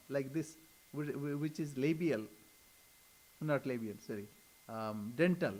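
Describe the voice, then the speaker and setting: Slow-speaking older Indian swami. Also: male voice, medium pitch. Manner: slow, gentle, chuckling often. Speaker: swami answering questions. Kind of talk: informal spiritual talk with questions.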